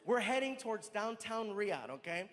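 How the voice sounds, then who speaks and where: A male stand-up comedian with a notably high speaking voice tells an animated story live on stage. His stage mic catches the long reverb of the venue. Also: moderate pace, background noise. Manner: animated storytelling with acted-out dialogue.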